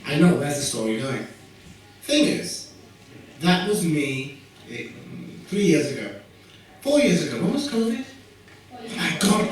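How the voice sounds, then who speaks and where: A young man with a Yorkshire accent tells jokey stories to a live audience, making quick asides to them. His voice sits fairly high. He is picked up from far off in a very echoey hall, with faint noise behind him. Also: animated, a crowd in the background. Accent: Yorkshire English. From Yorkshire, England. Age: young adult. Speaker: youth worker giving a talk. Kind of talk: storytelling talk at a community event. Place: community event hall.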